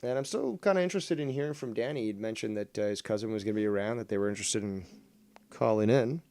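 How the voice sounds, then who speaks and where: A man hosting a casual call-in livestream, rambling and sarcastic, cursing at his software. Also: fairly low pitch, fast talker. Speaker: livestream host.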